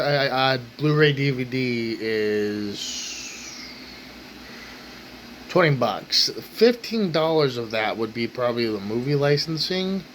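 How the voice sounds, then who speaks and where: A man's voice: mid-range voice, a bit bright, a little hiss or hum, poor audio. A man ranting angrily at his table at home, exasperated, swearing and repeating himself. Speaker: ranting vlogger. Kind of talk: angry rant to camera. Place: home kitchen table, indoors.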